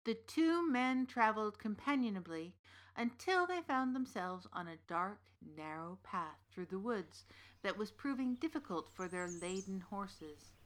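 An old witch telling a dark folktale, measured and deliberate, in a mid-pitched voice, as an actress voices her. Her storytelling is unhurried and knowing. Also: sing-song. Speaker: narrator. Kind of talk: scripted storytelling narration.

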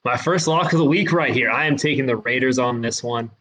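A man co-hosting a casual sports betting podcast, giving his picks in a relaxed, confident way. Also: mid-range voice, fairly quick, slightly rough, poor audio. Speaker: podcast co-host picking games.

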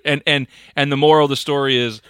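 A man co-hosting a podcast, joking about a movie with quick stammering restarts. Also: mid-range voice, level tone, a bit bright, smooth, no room sound, studio quality. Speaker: podcast co-host. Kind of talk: casual film-review chat.

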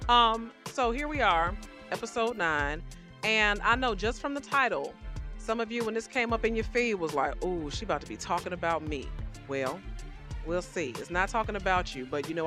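A woman hosting a faith podcast, teaching scripture in an animated, conversational way with playful asides. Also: fairly low pitch, normal speed, faint music behind. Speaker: podcast host.

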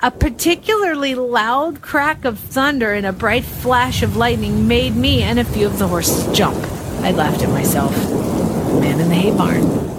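A woman reading a listener's spooky story aloud, dramatic and expressive as she acts out the suspense and fright. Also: on the high side, noisy background.

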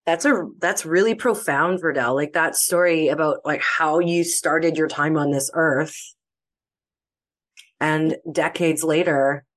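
Low, slow-speaking woman host. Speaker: podcast host. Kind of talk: interview response.

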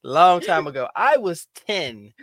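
Playful theatrical man with a lively voice. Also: on the high side, measured pace, dry recording, studio quality. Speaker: podcast host. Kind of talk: casual chat.

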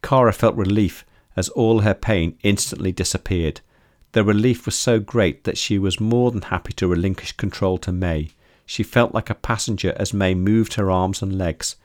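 A man reading a story aloud in steady, measured scripted narration. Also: low-pitched, no echo, studio quality. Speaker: audiobook narrator.

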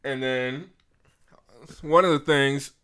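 A man's voice: mid-range voice, fairly even intonation, takes it slowly, pushed and bright, clear, resonant tone. A man co-hosting a podcast, casually reviewing a movie and laughing often as he rants. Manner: laughs often while ranting. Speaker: podcast co-host.

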